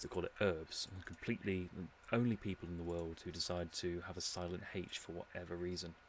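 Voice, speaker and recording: Deep-voiced English man musing aloud. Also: slight background noise. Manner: musing, rambling, dry humour. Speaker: streamer. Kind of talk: casual commentary while playing.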